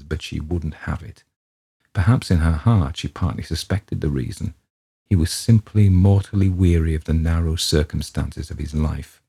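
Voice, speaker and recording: A man narrates an old story in a measured, deliberate voice. His tone is deep and dark, with a husky grain throughout. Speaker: audiobook reader.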